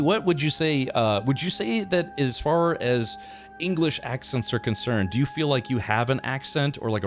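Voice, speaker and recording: A man streaming a video game, chatting casually, rambling and thinking aloud with lots of fillers and restarts, and reading chat and quest text aloud. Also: medium pitch. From United States. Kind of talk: casual livestream chat while gaming.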